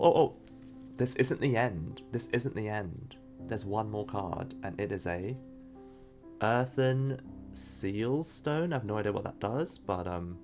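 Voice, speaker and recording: Low and creaky, this man's voice carries a live stream where he opens trading card packs. He's chatty, reading chat aloud and reacting to his pulls, laughing often as he fumbles over names he isn't sure how to pronounce.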